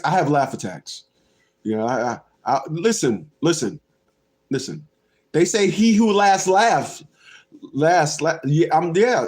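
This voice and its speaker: A man in his fifties hosts a rambling livestream rant, breaking into laughter and circling back to the same phrases again and again. His voice sits high for a man and swings widely in pitch, while he talks at an unhurried pace. Crude language peppers his talk. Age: 50s. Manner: laughs often, repeats phrases, profane. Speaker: livestream host.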